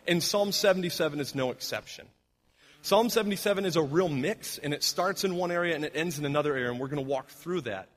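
Man preaching in a conversational way. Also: fast talker. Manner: conversational preaching with fillers, drops soft and low on heavy lines. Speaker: pastor. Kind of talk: sermon.

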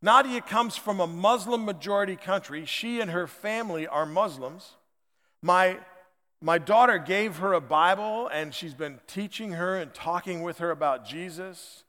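High-voiced fifty-year-old pastor in a reverberant hall. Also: male voice, moderate pace, pushed and bright. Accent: American. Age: 50s. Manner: conversational, chatty and folksy. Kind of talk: sermon. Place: church sanctuary.

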